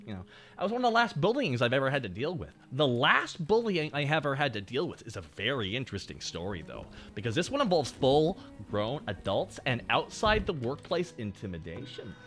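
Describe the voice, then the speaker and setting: A man's voice: mid-range voice, sing-song, fairly quick, a bit bright, faint music behind. A young man, telling a story casually on stream in a profane, rambling way.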